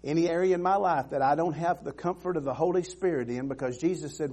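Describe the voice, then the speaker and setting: A man's voice: on the high side, quick pace, dark tone, slightly rough. A man preaching a sermon in an earnest, emphatic way, repeating phrases and restarting sentences.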